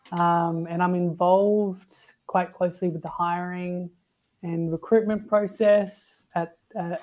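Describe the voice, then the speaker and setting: A man introducing himself on a webinar, relaxed and hesitant with frequent ums and restarts. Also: sits high, a little hiss or hum. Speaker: guest, agency SEO manager. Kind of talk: casual self-introduction.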